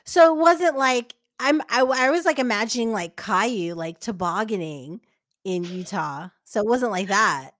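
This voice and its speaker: A woman's voice: medium pitch, lively intonation, unhurried, dry recording, clean studio sound. A woman hosting a podcast, chatting casually and reacting to her guest's stories. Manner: warm listener, short reactions and laughs. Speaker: podcast host. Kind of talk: casual interview chat.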